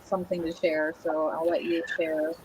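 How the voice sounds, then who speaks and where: A woman hosting a radio talk show, speaking in a gentle, thankful way. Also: low-pitched, level tone, normal speed, husky, no echo. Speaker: host.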